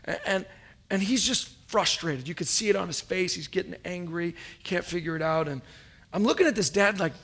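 A man in his thirties preaching a sermon as a pastor, telling stories in an animated, conversational way with asides. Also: high-pitched.

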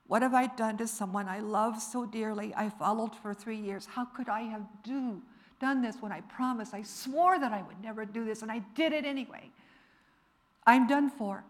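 A woman voicing a grieving, remorseful male apostle, speaking in quiet self-reproach. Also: a little high, moderate pace, lightly acted.

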